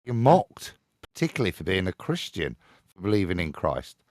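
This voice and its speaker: This is a man with a low voice that swings widely as he stresses his points on a live-stream panel. He sounds preachy and insistent, and the recording is dry and close. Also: very animated, moderate pace, a little mellow, dry recording. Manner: emphatic, preachy, ends points with "eh?" and "yeah?".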